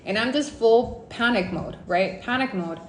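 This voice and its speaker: A woman from Mexico telling a personal story in a casual, animated livestream storytime, dropping in Spanish words. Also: a little high, unhurried, echoey room, slight background noise. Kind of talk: casual storytime on a live stream.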